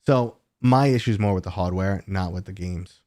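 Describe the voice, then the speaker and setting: A man's voice: low-pitched, moderate pace, mellow, slight background noise. A man in his thirties hosts a livestream, chatting casually and rambling as he answers viewer questions. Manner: rambling, chatty, with many fillers and restarts. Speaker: host.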